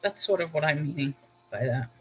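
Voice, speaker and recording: A woman with a New York accent, hosting a live stream and talking things through out loud as she answers viewer comments. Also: low voice, lively intonation, a little fast, slight background noise, poor audio. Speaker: livestream host. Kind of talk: casual live-chat reply.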